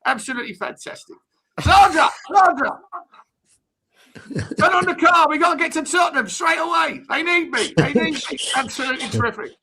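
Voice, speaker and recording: A man's voice: extremely high pitch, expressive, quick pace, few pauses, crowd noise. A man doing a comic impression of a chirpy, boastful old football manager who keeps repeating his catchphrases on a fan podcast. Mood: cheery boasting. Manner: repeats stock catchphrases, rambling and jokey.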